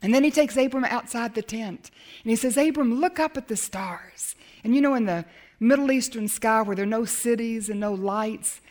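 Expressive woman preaching a sermon. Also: a little high, fairly quick. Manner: dramatic, swings from emphatic to hushed. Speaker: Bible teacher.

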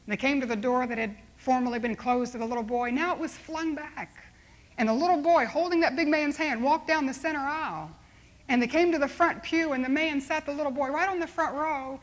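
A woman preaching a sermon, telling a story dramatically and slowing to soft, hushed appeals. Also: high voice.

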